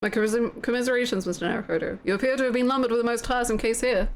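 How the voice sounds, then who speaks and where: A woman voicing a haughty gentleman detective in a game read-along, in a slow drawl. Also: on the high side, fairly even intonation, a little hiss or hum, close to an everyday voice. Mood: languid.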